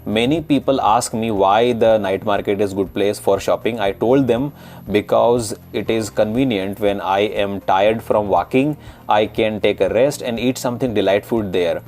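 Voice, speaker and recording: A man with an Indian accent teaching an English lesson and reading a passage aloud, talking quickly and jumping up in pitch on transition words. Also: darkish tone. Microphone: recorded voice-over on screen capture.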